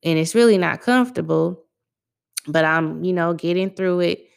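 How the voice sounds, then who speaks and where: Speaking at a normal pace with some vocal fry, this young woman has a fairly low, clean voice. She runs her own podcast and talks casually on her own, keeping the phrasing loose and slangy.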